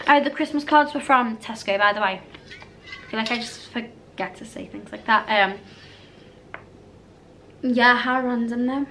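A woman's voice: on the high side, measured pace, pauses often, pushed and bright, a little hiss or hum. A British woman vlogging a casual haul, chatty and rambling, often drifting off topic. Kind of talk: casual haul vlog chat.

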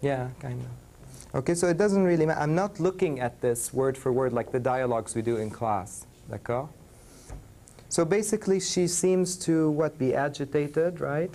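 A man's voice: a little high, moderate pace, dark tone. A man teaching a university French class, mixing English and French and checking in with his students.

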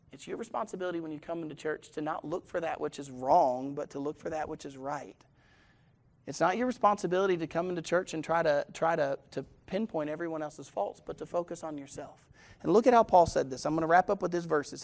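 A man preaching a sermon as pastor, telling stories, putting questions to the congregation and chuckling now and then. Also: high-pitched.

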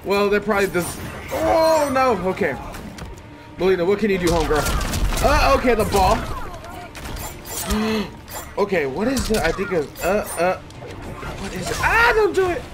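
A man giving casual, excitable commentary on his own gameplay, swearing, laughing and yelping at the action. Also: high-pitched, normal speed, pauses often. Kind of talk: casual let's-play commentary. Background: game music and sound effects.

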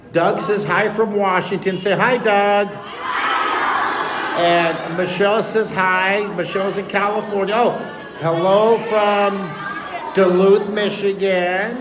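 A man's voice: sits high, noisy background. Upbeat middle-aged man teaching kids to draw. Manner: energetic, encouraging, talks straight to kids. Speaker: drawing teacher. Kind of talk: live drawing lesson to a school assembly. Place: school assembly with a live audience.

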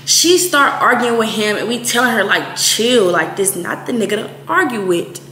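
A woman in her twenties, from Texas, telling a story in a blunt, profane, animated way, quoting people as she goes. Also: medium pitch, moderate pace. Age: 20s. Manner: blunt, profane, animated retelling with quoted voices. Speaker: vlogger. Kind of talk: casual storytime. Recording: echoey room, faint noise.

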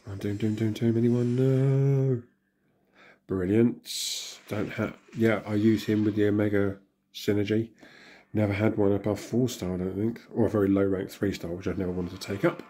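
Man with a low, hoarse, husky voice, chatting casually over game pulls. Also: flat delivery, normal speed, mellow. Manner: chatty, mutters reactions to himself. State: hoarse from illness. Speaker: gaming channel host. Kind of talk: casual commentary while opening in-game crystals.

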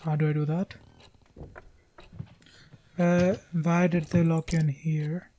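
Male streamer, slow and jokey, mock-scared horror playthrough commentary. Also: a little high, flat delivery, warm tone. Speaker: gaming streamer. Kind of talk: let's play commentary.

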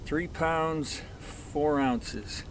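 Slow, easygoing fisherman on a boat. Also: a little high. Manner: slow, easygoing, talks to the fish. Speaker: fishing vlogger. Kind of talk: casual on-the-water narration. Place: on a boat on a river. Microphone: action camera. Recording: boat and water noise.

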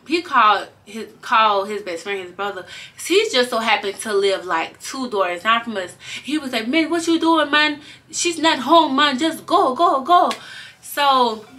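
A young woman telling a story to her viewers in a casual, animated way, swearing freely as she goes. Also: fairly high pitch. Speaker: vlogger.

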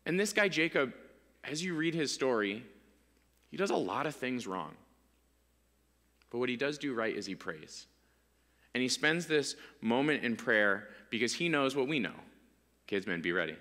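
A man preaching a sermon as pastor, talking in a casual, animated way with many fillers. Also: medium pitch, normal speed, pauses often, big-room sound. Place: church sanctuary.

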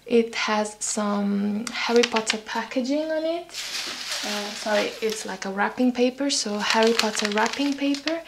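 A young woman vlogging an unboxing at home, speaking slowly and a little high, gushing with excitement and tripping over her words. Paper crinkles clearly behind her voice. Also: heavy background noise. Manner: excited, gushing, hesitant restarts. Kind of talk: unboxing vlog.

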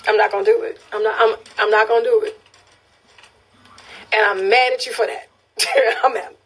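A woman's voice: on the high side, steady tone, normal speed, husky. A woman from Louisiana with a Louisiana accent hosting a casual phone live stream. She reads viewer comments, laughs often and repeats phrases for emphasis. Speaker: livestream host.

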